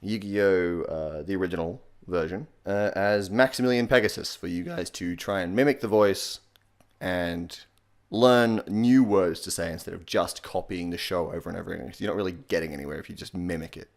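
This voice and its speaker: A man with an Australian accent giving a joking voice tutorial in a deadpan, sarcastic way, swearing casually. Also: low-pitched, normal speed. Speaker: comedy YouTuber.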